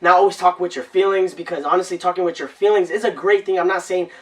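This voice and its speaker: A young man hosting a casual podcast, his voice worn out and hoarse, talking loosely with frequent restarts. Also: sits high, fairly even intonation, fast, fairly bright tone, far from the mic. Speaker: podcast host.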